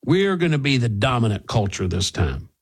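A man runs his talk radio segment with a husky, slightly rough voice. He is blunt and opinionated, and he drops sarcastic asides between points. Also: medium pitch, very animated, normal speed.

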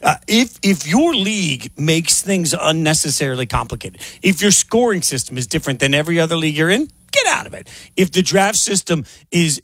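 Man, sports radio host, emphatic, fairly high voice, dry studio sound. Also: dry recording. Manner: emphatic, animated. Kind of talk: casual sports radio talk.

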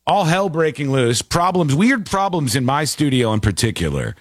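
A man hosting a talk show, giving animated, opinionated commentary and laughing easily. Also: fairly high pitch, normal speed, no room sound. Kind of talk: casual commentary.

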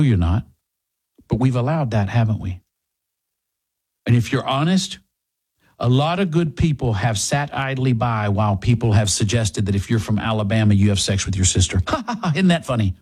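A man's voice: lowish voice, darkish tone, husky. A man hosting a political talk radio show, delivering an impassioned monologue full of rhetorical questions and mocking asides, then reading a sponsor spot.

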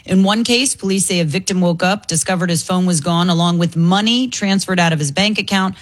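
A woman hosting a talk show, reading news items with brisk delivery and chatty asides. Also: fairly low pitch. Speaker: news segment host.

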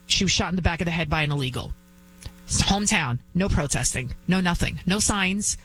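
A woman's voice: lowish voice, fairly quick, a bit bright, slight background noise, poor audio. A woman filling in as a talk radio host, giving an emphatic, indignant monologue with lots of repetition.

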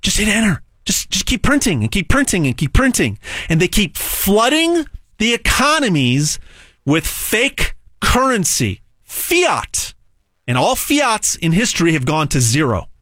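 A man delivering an emphatic, repetitive sales pitch monologue as host. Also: a bit bright, dry recording, clean studio sound.

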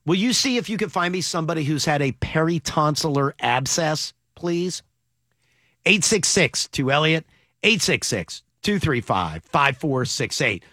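A man hosting a morning radio show, animated and joking with his co-hosts and callers in a studio. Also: fairly high pitch, no room sound. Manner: animated, joking, quick to laugh. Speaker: radio host. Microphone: studio mic.

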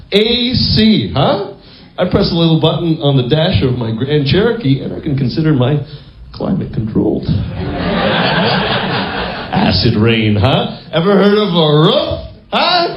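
Animated, sarcastic male stand-up comic. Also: on the high side, measured pace. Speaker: stand-up comedian. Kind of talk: stand-up comedy. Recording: roomy, dull live recording.

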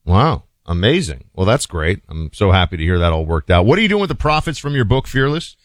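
A man's voice: low voice, big pitch swings, fairly quick, no room sound, studio quality. A male radio talk show host interviewing a guest politely and eagerly, then reading a sponsor spot. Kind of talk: interview and live ad read.

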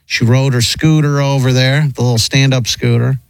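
A man's voice: mid-range voice, steady tone, normal speed, no echo. A middle-aged man casually telling a long, rambling story, with lots of restarts and acted quotes.

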